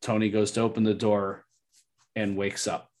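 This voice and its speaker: A man's voice: on the low side, moderate pace. A man co-hosting a podcast, talking eagerly about a TV episode and often restarting his sentences. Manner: enthusiastic, restarts often when excited. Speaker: podcast co-host. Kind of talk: casual discussion of a TV episode.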